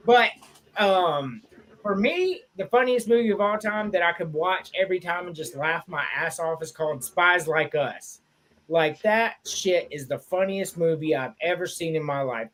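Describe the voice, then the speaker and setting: A man co-hosting a casual sports podcast, retelling comedy scenes with lots of swearing and acted-out quotes. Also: high voice. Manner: animated storyteller, acts out movie quotes, swears freely. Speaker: podcast co-host. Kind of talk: casual chat.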